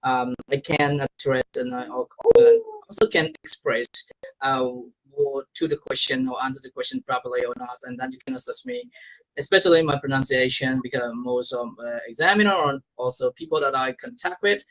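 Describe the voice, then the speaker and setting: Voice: mid-range voice, a little fast, fairly bright tone, dry recording, poor audio. An English learner in a lesson conversation, speaking hesitantly, with grammar slips and restarts.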